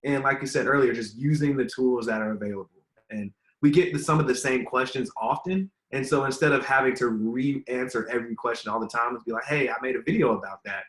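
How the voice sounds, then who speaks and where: A man's voice: mid-range voice, brisk, a bit bright. A man being interviewed as a guest, answering in an earnest, rambling way with many fillers. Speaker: relationship content creator, guest. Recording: roomy echo.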